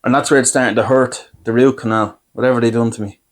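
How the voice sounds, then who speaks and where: An Irish podcast host talks through his own mishaps in a loose, rambling way, poking fun at himself. His voice sits at an ordinary middle pitch for a man, and he slips into little acted-out exchanges as he goes. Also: fairly even intonation, quick pace. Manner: rambling, self-deprecating anecdotes with acted-out quotes. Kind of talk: comic storytelling.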